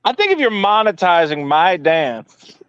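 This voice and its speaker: A man's voice: sits high, sing-song, unhurried, fairly bright tone, clean tone, no room sound. A man joining a casual panel chat with offhand, joking remarks. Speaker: co-host panelist. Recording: dull, dry lo-fi mic.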